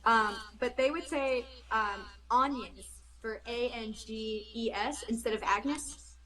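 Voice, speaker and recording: A woman's voice: fairly high pitch, slow pace, fairly bright tone. A woman guest on a podcast, chatting in a rambling, casual way. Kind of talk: casual chat. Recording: echoey room.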